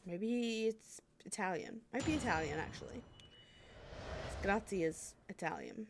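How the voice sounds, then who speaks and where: A woman streamer casually commenting while playing a courtroom game, with giggly, relaxed asides. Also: medium pitch, measured pace, background noise. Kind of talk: game playthrough reading and commentary.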